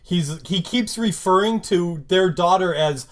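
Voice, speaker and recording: A man co-hosting a podcast, chatting casually and profanely with a laid-back, deadpan manner. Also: sits high, a little slow. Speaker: podcast co-host. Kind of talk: casual profane recap chat.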